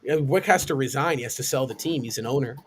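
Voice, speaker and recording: A man's voice: medium pitch, fast talker, slight background noise. A man on a live sports talk stream, ranting emphatically with indignant rhetorical questions. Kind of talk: heated sports opinion rant. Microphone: live stream call.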